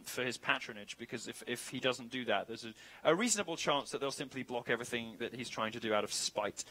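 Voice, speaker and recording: Man, guest speaker, campus Q&A, sardonic, joking, bright voice. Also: mid-range voice, low-quality recording. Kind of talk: campus talk with audience Q&A.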